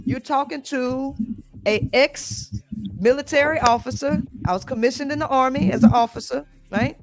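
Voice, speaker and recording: Middle-aged American woman, high voice, combative and blunt in debate. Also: normal speed. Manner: blunt, confrontational, repeats herself. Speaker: podcast guest. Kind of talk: heated debate.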